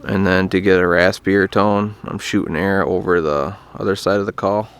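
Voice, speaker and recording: A man's voice: low voice, steady tone, moderate pace, a bit bright, clear, resonant tone. A man casually explaining a hunting call outdoors, plainspoken and self-deprecating. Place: outdoors in bright sun.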